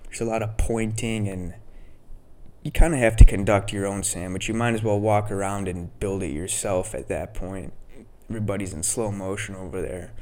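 A man's voice: lowish voice, a little mellow. A man hosting a podcast, telling stories in a laid-back, rambling way with casual swearing. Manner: laid-back, profane, storytelling. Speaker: podcast host.

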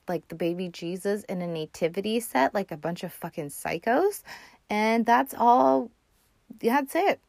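A woman's voice: fairly low pitch, no room sound. Dry, chatty woman podcast host. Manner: rambling, profane, filler-heavy storytelling. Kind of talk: casual chat, retelling a movie.

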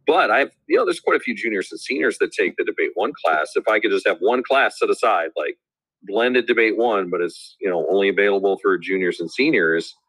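Man from South Dakota, low bright voice, hesitant casual chat. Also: expressive, brisk, husky, dry recording, rough recording. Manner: hesitant, many fillers. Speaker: teacher.

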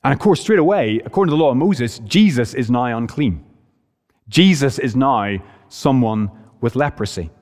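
Male preacher, emphatic and earnest, average pitch, echoing church hall. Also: animated, moderate pace, a little mellow. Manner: earnest, emphatic, varies pace for stress. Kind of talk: sermon.

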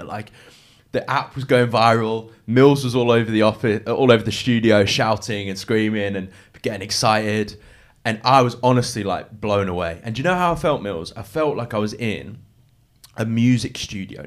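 A man talking earnestly and emotionally in a casual chat, often restarting his sentences. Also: on the low side. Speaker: guest.

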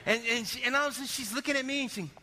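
A high-pitched male pastor preaches in an animated way, rising to shouts and then dropping low. His bright, forceful tone carries through a church sanctuary with a long, echoing reverb. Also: racing, a little hiss or hum. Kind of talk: sermon.

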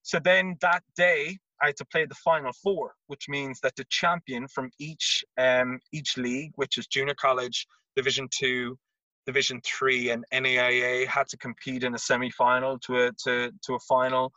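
Speaking with an Irish accent, this Irishman, once a college tennis player, recounts a story in a relaxed interview, acting out quotes with animation and repeated words. His pitch is medium and his speed normal, recorded with no room sound and the highs cut off.

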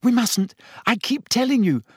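Brief: male reader doing a high, tense teen witch, bossy and fretful, read close and dry. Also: animated, moderate pace, slightly rough, no echo, exaggerated voice. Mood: anxious insistent. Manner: urgent, insistent whispering and snapping. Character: anxious bossy teenage schoolgirl witch.

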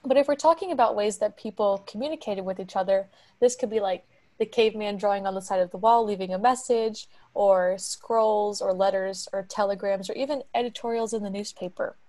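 A woman's voice: mid-range voice, a little fast, dark tone. A young woman, telling a story on a podcast in a chatty way. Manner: chatty, acts out quoted voices. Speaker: podcast co-host.

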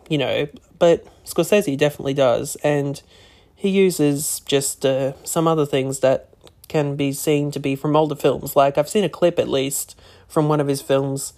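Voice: mid-range voice, a little mellow. Rambling casual podcast host. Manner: rambling, full of "you know" and "uh" fillers. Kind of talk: casual solo podcast talk.

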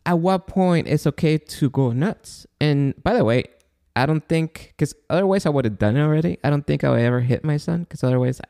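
A blunt man presses his co-host with questions in casual podcast talk, swearing freely. His voice sits a touch high and has a gravelly rasp. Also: brisk, warm tone.

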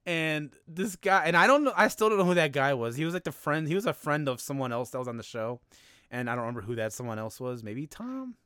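A man's voice: a little high, animated, quick pace, a bit bright, clean tone, dry recording, studio quality. A man hosting a podcast in casual chat, talking freely with many fillers and laughs. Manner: chatty and laughing, with frequent fillers. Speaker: podcast host.

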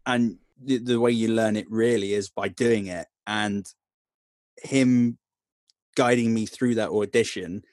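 A man's voice: on the low side, steady tone, unhurried, darkish tone, dry recording, clean studio sound. A man, an actor and voice actor, talking in earnest, reflective casual conversation, often restarting his sentences. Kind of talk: casual chat.

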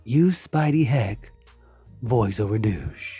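A man's voice: fairly low pitch, lively intonation, slow pace, dark tone, breathy edge, soft background music, voice pushed down, exaggerated voice. Man doing a mock-serious ad announcer. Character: deep, slow spoof ad announcer man.

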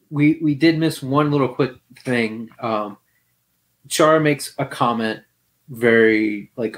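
Rambling crude man on a podcast. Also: mid-range voice. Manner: rambling, crude, lots of fillers and laughs. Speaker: podcast co-host recapping an anime episode. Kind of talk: casual chat.

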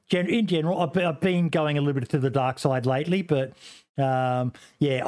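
A man's voice: mid-range voice, a little mellow. A man streamer chatting casually about games, rambling and swearing with lots of fillers and restarts. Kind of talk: casual gaming podcast chat.

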